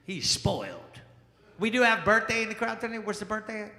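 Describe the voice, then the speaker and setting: A man performing a stand-up comedy set in a small jazz lounge, bantering with the crowd in an animated way. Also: high-pitched, faint music behind. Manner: animated, crowd-work banter with quick asides. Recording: echoey room with long reverb.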